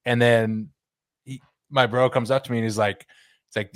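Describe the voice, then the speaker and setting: A man's voice: mid-range voice, moderate pace, sharp tone, no room sound, studio quality. A man in a loose podcast chat, rambling through stories and peppering them with slang. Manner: loose, rambling, says "dude" and "like" often. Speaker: podcast host. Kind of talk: casual chat.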